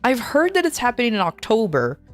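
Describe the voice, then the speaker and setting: A woman's voice: a little high, huge pitch swings, fairly quick, faint music behind. A woman VTuber streamer chatting casually while gaming, rambling and ranting in an exasperated way.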